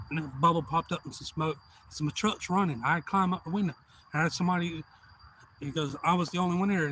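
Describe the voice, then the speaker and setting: A middle-aged man with a drawl rambles through a long story on a live stream, cussing freely and circling back on himself. His voice sits a little higher than most men's. A faint hum runs underneath. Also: a bit bright. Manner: profane, meandering, folksy.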